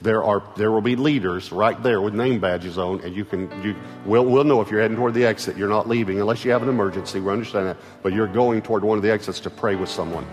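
Texan male pastor, low voice, earnest sermon delivery, echoey church hall. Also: fast talker, few pauses. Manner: earnest, repeats words, swings from loud calls to hushed lines. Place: large church auditorium. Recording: large hall reverb with soft music.

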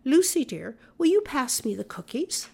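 A woman reading the lines of a calm, stubborn country minister's wife in a cool, matter-of-fact way. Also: high voice, normal speed, gravelly, husky, voice pushed up, heavily acted.

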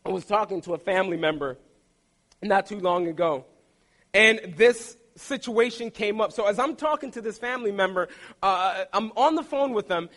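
Young male preacher, high voice, playful storyteller, sermon delivery. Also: normal speed, fairly bright tone.

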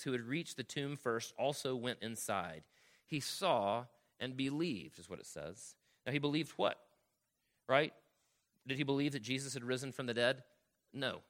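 A male pastor delivering a sermon with a bright, forward tone and a medium pitch. He teaches earnestly, reads scripture aloud, and keeps checking in with his listeners as he explains each point. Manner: reads scripture aloud, slowing on key lines.

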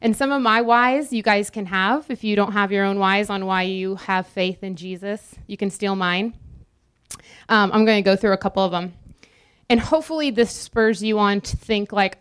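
Woman preaching in a smooth, chatty way. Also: medium pitch, normal speed, a bit bright. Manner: conversational, jokes with the congregation. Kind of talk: sermon.

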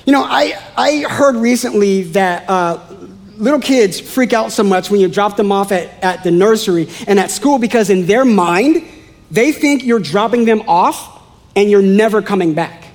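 A man with a strikingly high voice preaches to his congregation. He talks in a conversational, animated way and slips in playful asides between points. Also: normal speed. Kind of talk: sermon.

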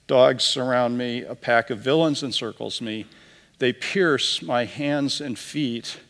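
A man preaches in a church sanctuary, reading scripture aloud with solemn, measured weight. His voice sits somewhat high for a man. The sound rings with the long reverb of a large hall. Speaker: pastor.

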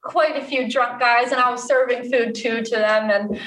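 A woman's voice: on the high side, steady tone, normal speed, fairly bright tone, slight background noise. A young woman, a bartender, telling a story in casual chat, laughing often and chatty with fillers. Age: young adult. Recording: echoey room from a distance.

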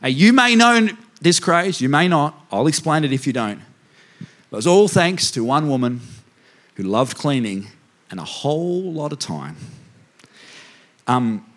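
A man pastor giving a humorous sermon in a church, self-mocking and speaking directly to the congregation. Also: mid-range voice. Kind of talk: humorous sermon with personal stories.

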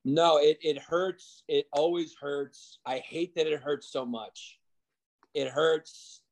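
A man's voice: fairly high pitch, steady tone, slow. A man who is a comedian guest, talking in a rambling, casual way with lots of fillers and restarts. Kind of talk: casual podcast chat.

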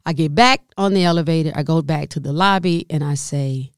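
A woman telling a comedic story, animated and exasperated, with sudden jumps in pitch for emphasis. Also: brisk, hardly any pauses, smooth, no room sound, clean studio sound.

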